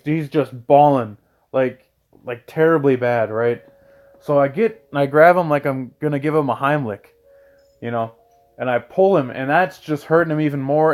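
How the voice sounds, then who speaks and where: A young man with a slightly higher-than-average voice rambles through a personal story, stumbling over and repeating his words. He swears freely and keeps the tone loose and conversational, like a gaming channel host chatting to his viewers. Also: a little mellow. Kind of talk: casual storytelling.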